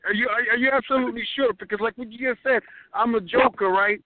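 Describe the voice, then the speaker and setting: A man's voice: very high voice, steady tone, fast talker. A man calling in by phone, trading smug, teasing wrestling-style trash talk. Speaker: caller. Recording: tinny phone line.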